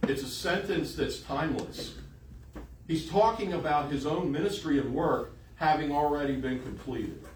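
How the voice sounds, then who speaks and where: A man preaches with emphasis, driving home his points by repeating phrases. His voice sits slightly high and carries from a distance. The room around him rings with echo, and faint ambient noise sits beneath him. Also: normal speed. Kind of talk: sermon.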